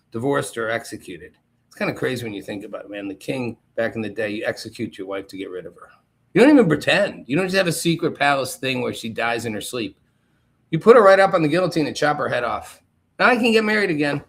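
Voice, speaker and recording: A man's voice: on the high side, fairly bright tone. A man hosting a show, delivering a sarcastic political commentary monologue. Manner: sarcastic, mocking, with exaggerated put-on voices. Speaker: host.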